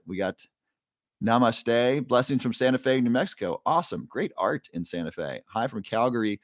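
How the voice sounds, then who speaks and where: A man's voice: medium pitch, dry recording, studio quality. A man hosting a live stream, cheerfully greeting viewers by name and reading their comments aloud, with frequent fillers. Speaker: livestream host. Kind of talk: casual livestream chat, reading viewer comments. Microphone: new microphone.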